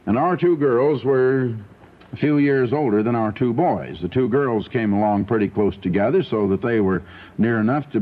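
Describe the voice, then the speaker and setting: Older preacher on a tinny radio broadcast. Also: male voice, mid-range voice. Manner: folksy storytelling preaching, animated. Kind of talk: radio sermon.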